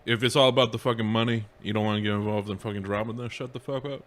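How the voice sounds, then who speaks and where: Blunt low-voiced profane co-host. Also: male voice, fairly even intonation, racing. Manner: blunt, swears constantly, repeats himself. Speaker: show co-host reading chat. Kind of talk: heated profane podcast banter.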